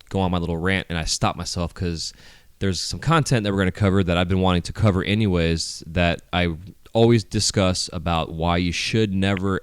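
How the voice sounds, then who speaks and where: A man's voice: low voice, smooth, dry recording. A middle-aged man hosting a podcast on a handheld mic. He talks in a rambling, casual way, full of fillers and swearing. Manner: rambling, profane, heavy with fillers. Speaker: podcast host.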